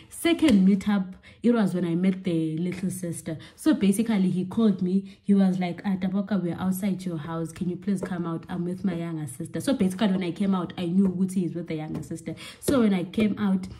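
A young woman telling a story to her viewers in a chatty, animated way, full of fillers and repeated words. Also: on the low side. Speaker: vlogger. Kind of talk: casual storytime vlog.

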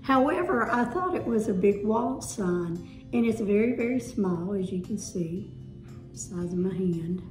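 A woman's voice: medium pitch, animated, a little slow, a little mellow. A woman with a Southern US accent casually showing off her home decor haul in a chatty, folksy way. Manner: chatty, folksy, gushing over items. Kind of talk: casual show-and-tell haul. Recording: echoey room with faint music.

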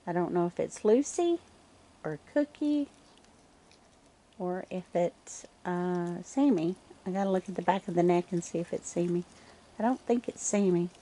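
An older woman from Nova Scotia, Canada, chatting calmly to the camera outdoors on a cold night, cooing sweetly to animals. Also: mid-range voice. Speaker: wife feeding raccoons at home. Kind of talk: casual chat to camera.

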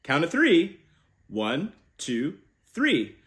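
A man's voice: on the high side, very animated, slow, a bit bright. A man reading a children's picture book aloud and leading kids in call-and-response chants. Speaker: children's storyteller.

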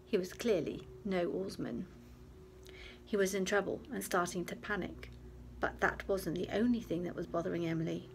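A woman teacher reading a chapter book aloud to her class, telling it lively with small slips. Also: lowish voice, moderate pace, creaky, slight background noise.

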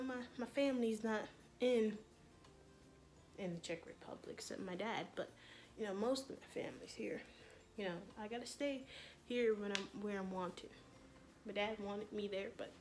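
A woman hosting a joking parody vlog, playful and giggly, often dropping into hushed whispered asides. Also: a little high, a little hiss or hum. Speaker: vlogger.

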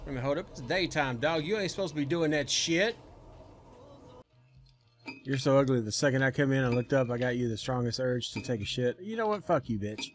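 A man streaming a game, trash-talking and swinging from low mutters to sudden yells. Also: animated, fairly quick, soft background music. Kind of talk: casual profane gaming commentary.

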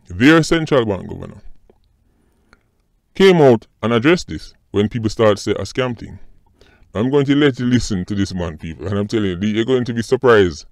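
Animated Jamaican man, low voice. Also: dry recording, studio quality. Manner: animated, mocking, repeats "people" and "right". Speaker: commentary channel host. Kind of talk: casual commentary vlog.

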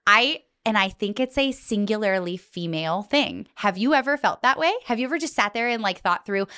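A woman in her thirties, a podcast guest chatting casually and reflectively as an animated storyteller. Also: mid-range voice, fairly quick, hardly any pauses, smooth.

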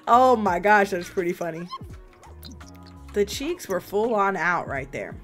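A woman's voice: mid-range voice, lively intonation, measured pace, pauses often, faint music behind. Bubbly, giggly young woman streamer. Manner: bubbly, giggly, talks to chat. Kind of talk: casual gameplay commentary.

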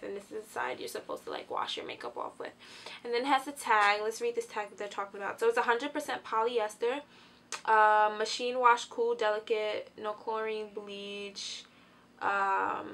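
A tired young woman casually reviewing a beauty product while sitting on the floor at home, chatty and excitable, with lots of fillers. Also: medium pitch, slight background noise. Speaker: beauty vlogger.

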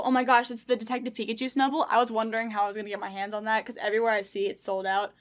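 A woman's voice: on the high side, racing, hardly any pauses. A young woman streamer opening fan mail, gushing and squealing with delight and close to tears as she reads letters aloud. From United States. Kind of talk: casual excited unboxing vlog.

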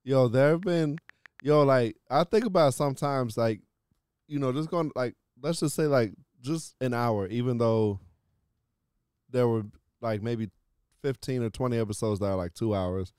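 A man's voice: mid-range voice, moderate pace, a little mellow, clean tone, no room sound, studio quality. A man hosting a podcast, rambling casually and starting many sentences with "yo" and "like". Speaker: podcast host.

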